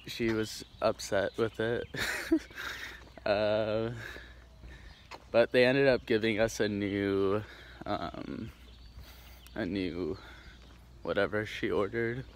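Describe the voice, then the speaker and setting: A man's voice: on the low side, fairly even intonation, slow, long pauses. A young man from the Pacific Northwest, vlogging casually while walking through a neighborhood, rambling with lots of fillers and restarts. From Tacoma, Washington, USA. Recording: faint outdoor background noise.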